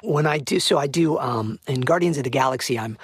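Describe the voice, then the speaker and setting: Voice actor guest, American man, husky, dry close sound. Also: mid-range voice, brisk, no echo. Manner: animated, slips into voice demos. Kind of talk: casual podcast conversation.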